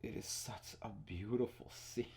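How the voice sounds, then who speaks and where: Excitable young man with a mellow voice. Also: on the low side, a little slow, creaky. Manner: excitable, swears freely, restarts often. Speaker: podcast host. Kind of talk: casual spoiler chat.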